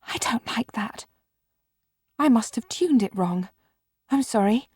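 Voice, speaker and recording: A woman's voice: on the high side, expressive, measured pace, warm tone, breathy edge, dry recording, studio quality. A woman doing a timid, polite young girl. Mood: uneasy.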